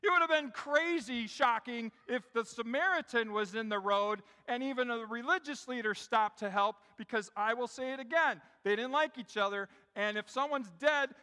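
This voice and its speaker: A middle-aged man delivers a sermon from the front of a church. His voice sits high and sounds bright. He tells the story in a conversational way and often speaks straight to his congregation, and the long reverb of the big room hangs on his words. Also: moderate pace, few pauses. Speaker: pastor. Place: church sanctuary.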